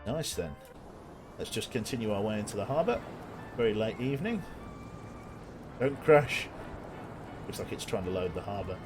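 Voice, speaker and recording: A man's voice: lowish voice, big pitch swings, fast talker, over music. Chatty man streaming a submarine game. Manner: chatty, jokey, swears, talks to chat. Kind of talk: casual gameplay commentary.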